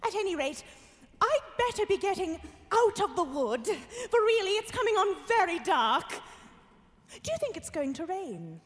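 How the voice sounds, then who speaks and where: A woman's voice: very high-pitched, very animated, moderate pace, voice pushed up. Alice, a prim little girl, as a woman puts her on. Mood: anxious. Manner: earnest, prim, easily indignant. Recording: long hall reverb, music behind.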